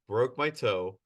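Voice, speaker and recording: Animated man telling injury stories. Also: mid-range voice. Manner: animated, laughs through his stories, acts out quotes. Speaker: podcast guest. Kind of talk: casual storytelling.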